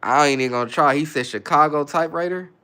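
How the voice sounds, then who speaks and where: A man's voice: on the high side, quick pace, bright, forceful tone, clear, resonant tone. Laid-back slangy man reading live comments. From San Francisco Bay Area. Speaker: livestream host. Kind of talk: casual livestream chat reading comments.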